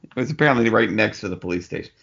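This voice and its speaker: Gravelly male podcast co-host, jokey and profane, dull lo-fi sound. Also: fairly low pitch, expressive, very fast, a bit bright. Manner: joking, swears freely, laughs often. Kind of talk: casual movie-review chat.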